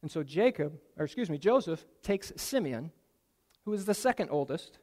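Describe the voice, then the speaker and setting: Man preaching, high voice, casual animated storytelling, long hall reverb. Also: normal speed. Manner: casual, animated retelling with asides to listeners. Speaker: pastor. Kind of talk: sermon.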